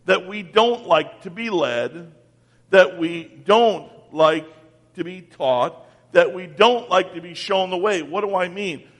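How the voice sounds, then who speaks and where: A man preaching a sermon as pastor, swinging from loud calls down to near-whispers. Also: high-pitched, slow, in a large hall.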